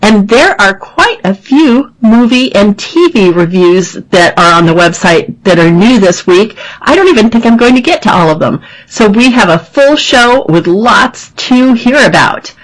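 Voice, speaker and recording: A woman's voice: mid-range voice, animated, a little slow, few pauses, poor audio. A woman volunteer reader on a reading-service radio show, presenting a magazine in a chatty manner.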